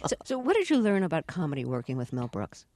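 Woman, radio interviewer, curious questions, lowish voice, dry studio sound. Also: wildly swooping pitch, quick pace, a little mellow, no echo. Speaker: interview host.

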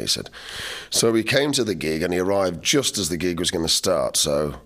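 A man's voice: low voice, expressive, moderate pace, fairly bright tone. A man, a musician guest telling wry, laughing anecdotes in an interview. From English Midlands. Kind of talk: storytelling interview chat.

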